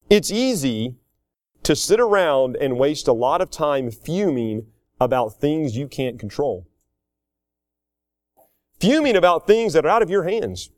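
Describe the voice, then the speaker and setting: A male pastor preaching in a folksy, animated way, breaking into small laughs. His voice sits a bit high for a man. The sound is close and dry, with no room around it. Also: no room sound. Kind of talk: sermon.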